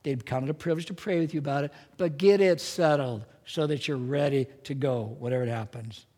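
In a mid-range, slightly mellow voice, a man delivers a sermon a little fast. As pastor he's earnest and emphatic, his delivery climbing in strong rises, while the church hall's long reverb trails behind him.

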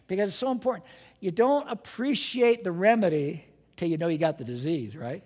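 A man preaching a sermon as a pastor, animated and dramatic, asking rhetorical questions and acting out his listeners' voices. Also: high voice, brisk, big-room sound.

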